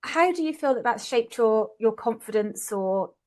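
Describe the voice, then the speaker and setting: A woman's voice: on the high side, lively intonation, normal speed, a little mellow. A woman with a Bristolian accent hosting a casual podcast interview, encouraging and hesitant with fillers. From Bristol, England. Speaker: podcast host.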